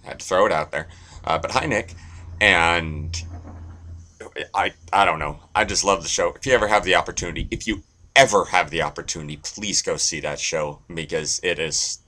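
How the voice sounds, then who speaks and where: A man's voice: deep voice, brisk, pushed and bright. A young man talking casually to camera in a rambling, crude, self-deprecating vlog monologue. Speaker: vlogger.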